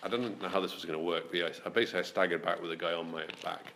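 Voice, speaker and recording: Gravelly low-voiced man telling stories. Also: fairly even intonation, rapid-fire, heavy background noise. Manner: self-deprecating storyteller, swears casually. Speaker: podcast co-host. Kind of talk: casual chat.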